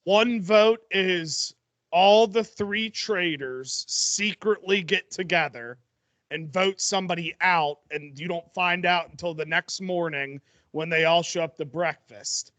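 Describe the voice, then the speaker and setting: A young man co-hosting a podcast, telling a story in an excited, rambling way and restarting his sentences. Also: high-pitched, a little slow, dry recording. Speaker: podcast co-host. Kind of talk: casual chat.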